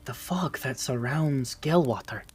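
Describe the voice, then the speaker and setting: A man voicing a guarded noblewoman ruler in her late forties, speaking low and hushed, sometimes in a whisper. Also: normal speed, a little hiss or hum, close to an everyday voice.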